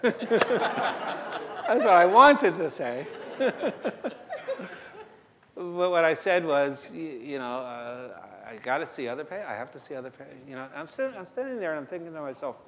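A man's voice: a little high, slight background noise. A middle-aged man giving a conversational conference lecture, telling stories from his work and often restarting his sentences. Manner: conversational, self-deprecating, frequent restarts. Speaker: emergency medicine lecturer. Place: lecture hall. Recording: long reverb of a lecture hall.

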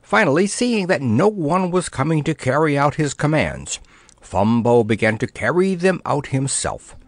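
A man narrating a children's storybook in an expressive, playful way. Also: on the high side, normal speed, no echo. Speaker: audiobook narrator.

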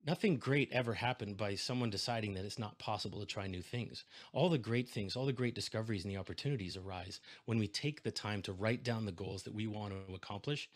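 A man with a lowish voice gives a keynote talk from home over a video call, speaking fairly quickly with hardly any pauses into a desk microphone. An animated storyteller, he acts out the voices of the people in his tale.

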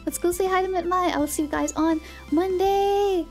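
A woman streamer chatting casually and excitably while gaming, humming to herself, her voice going hoarse. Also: very high-pitched, normal speed, faint music behind. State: losing her voice.

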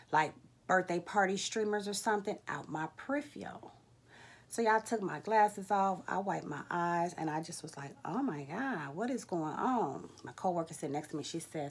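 A woman, telling a candid personal story to her vlog viewers, jumping up high when she acts out her own reactions. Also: normal speed, breathy edge. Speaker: vlogger.

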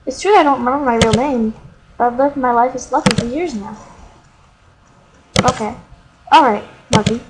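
A woman's voice: fairly high pitch, normal speed, pauses often. A woman doing casual let's play commentary, reading the game's dialogue aloud with playful asides. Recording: noisy home recording.

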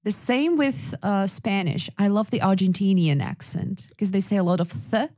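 A woman co-hosts a casual podcast chat in a playful, teasing way. Her voice sits at an ordinary pitch. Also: normal speed, warm tone. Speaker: podcast co-host, English teacher.

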